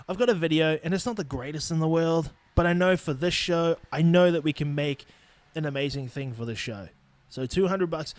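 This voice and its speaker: He's a New Zealander in his twenties, voice a little high, recorded dry through a studio mic. As the sole host of his podcast, he goes on a blunt rant packed with swearing.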